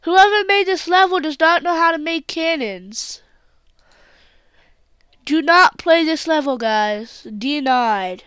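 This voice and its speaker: A woman's voice: high-pitched, slow, fairly bright tone, no echo. A woman doing jokey gameplay commentary, often bursting into screams and exclamations. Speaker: gaming channel host.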